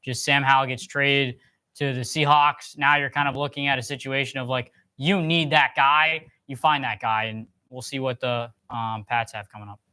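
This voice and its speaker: A man's voice: medium pitch, steady tone, moderate pace, sharp tone, smooth. A young man on a sports panel talking loosely with fillers. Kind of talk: casual sports chat.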